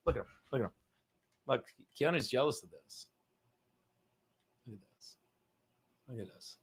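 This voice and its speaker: A man's voice: mid-range voice, lively intonation, normal speed, pauses often, slightly rough. A tired man hosting a casual live stream from home, rambling and swearing, with joking asides to the chat. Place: home room.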